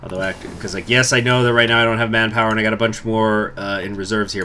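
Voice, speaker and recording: A man's voice: lowish voice, steady tone, quick pace, few pauses, bright, forceful tone, clear, resonant tone. A man hosting a gaming channel, thinking aloud and muttering through let's play commentary, swearing now and then.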